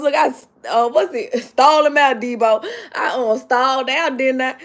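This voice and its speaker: This is a young woman, hosting a livestream in a casual, chatty way. Her voice sits a little high, and she is excitable even though she says she is halfway sleepy. She keeps greeting viewers by name and repeats herself as she talks. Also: moderate pace. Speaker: livestream host.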